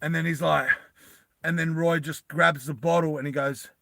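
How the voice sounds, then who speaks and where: A man narrating a tabletop game as game master, in an animated, rambling storytelling style. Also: fairly high pitch, moderate pace, gravelly, dry recording.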